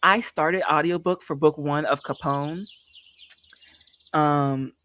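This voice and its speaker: A casual livestream host talking about books, animated and emphatic. The speaker repeats lines to drive a point home and keeps turning to the audience. The pitch sits in a middle range. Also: slow pace. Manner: emphatic, repeats phrases for effect; chatty and animated, addresses viewers directly. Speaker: book streamer.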